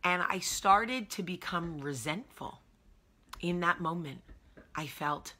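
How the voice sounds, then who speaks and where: Speaking slowly in a lowish, bright voice with a forceful tone, a woman in her thirties hosts a candid vlog. Her New Jersey accent comes through as she confides emotionally, leaning on emphatic repetition.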